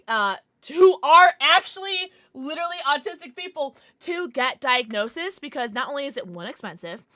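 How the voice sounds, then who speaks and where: Young woman streamer, bright and forceful, dry close mic, passionate and profane chat-reader. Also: medium pitch, no echo. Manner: passionate, swearing, reacting to chat. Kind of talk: casual chat with live chat.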